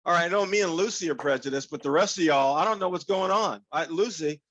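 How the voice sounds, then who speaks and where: A man giving an animated, interactive workshop talk over a video call, leading the audience in call-and-response. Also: on the high side, fast, dull audio. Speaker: workshop speaker.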